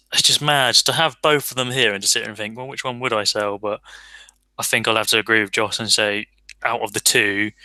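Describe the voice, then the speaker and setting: Man, podcast co-host, casual rambling chat, lowish voice, very bright tone, dry sound. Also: no echo, low-quality recording. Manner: rambling, self-deprecating, enthusiastic.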